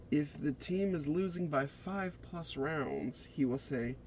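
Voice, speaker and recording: A man reading out a scripted, deliberate presentation of a character concept for a game. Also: a little high, expressive, darkish tone, a little hiss or hum. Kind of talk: read-aloud character pitch.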